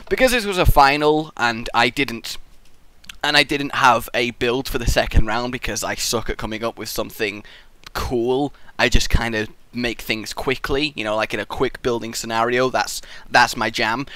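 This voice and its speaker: A man hosting a building contest and giving live game commentary, full of goofy rambling tangents and excitable outbursts. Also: mid-range voice, normal speed, smooth, no room sound.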